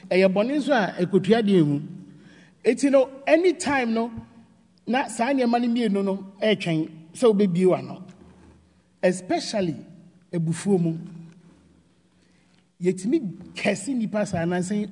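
A woman's voice: medium pitch, expressive, a little slow, pauses often, dark tone, in a large hall. A Ghanaian woman, a church elder, preaching a sermon with emphatic, repeated phrases.

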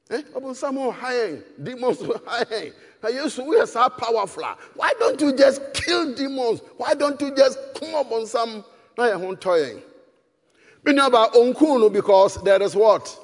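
A man with a Ghanaian accent preaching a sermon, shouting for emphasis and switching between English and Twi, in a hall with long reverb. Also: very high-pitched, animated, normal speed.

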